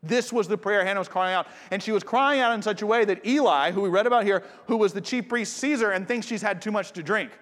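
A pastor preaching a sermon, talking conversationally and directly to the congregation. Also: male voice, high voice, quick pace, hardly any pauses, a bit bright. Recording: long hall reverb.

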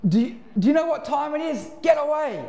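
A man playing a grumpy householder woken at midnight who shouts irritably through the door, in an echoey church hall. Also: extremely high pitch, moderate pace, pitched above the performer's own voice. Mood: annoyed.

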